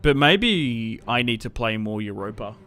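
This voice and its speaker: A man's voice: medium pitch, animated, measured pace, fairly bright tone. An easygoing young Australian man who chats to his viewers in a loose, rambling way, full of "um"s and restarts. His voice sits in an ordinary middle range for a man, and faint music plays under him. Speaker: streamer. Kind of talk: casual livestream chat while playing a strategy game.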